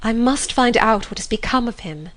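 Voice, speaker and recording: A woman's voice: on the high side, animated, normal speed, fairly bright tone. A woman voicing an earnest young heroine. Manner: earnest, pleading yet firm. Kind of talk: audiobook reading.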